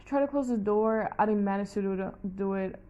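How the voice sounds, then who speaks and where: A woman's voice: mid-range voice, fairly quick, mellow, highs cut off. A young woman telling a personal story casually, rambling, with many "like"s and plenty of swearing. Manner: rambling, fillers of "like", heavy swearing.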